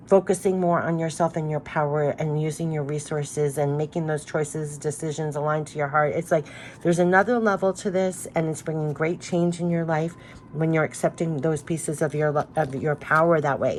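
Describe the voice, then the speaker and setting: A woman with a low, somewhat dark voice gives a spiritual tarot reading, speaking earnestly and emotionally. She rambles and restarts often, and there's a little background noise.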